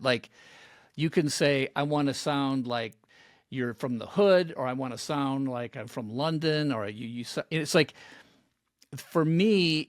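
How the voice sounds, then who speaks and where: A man hosting a podcast, reminiscing in a halting way with frequent restarts. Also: medium pitch, dry recording, studio quality. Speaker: podcast host. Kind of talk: casual podcast conversation.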